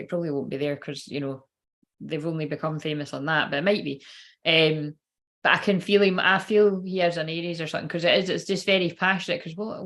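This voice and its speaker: A woman's voice: fairly low pitch, a bit bright. A woman giving a casual, rambling livestream tarot reading, swearing freely and feeling unwell and tired. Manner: chatty, swearing, rambling asides. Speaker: tarot card reader.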